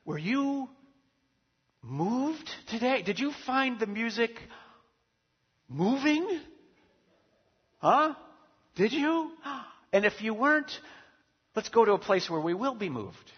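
A man mimicking an over-eager churchgoer, pitched far above his own voice and swooping up on every question. The voice is husky, and it echoes through a hall with a long tail in a dull, muffled recording. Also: sing-song, slow, long pauses, full character voice. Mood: mocking, gushing. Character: gushing churchgoer chasing emotional highs.

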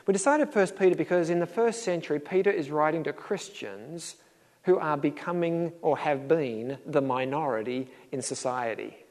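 Preacher in a reverberant hall. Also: male voice, a little high, darkish tone. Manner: conversational preaching with acted-out dialogues and chuckles. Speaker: pastor. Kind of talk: sermon.

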